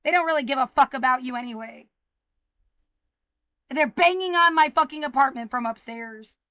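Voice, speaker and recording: An upset, frightened woman ranting and swearing, swinging between low muttering and loud outbursts. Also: normal speed, no echo, clean studio sound. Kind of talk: agitated personal video rant.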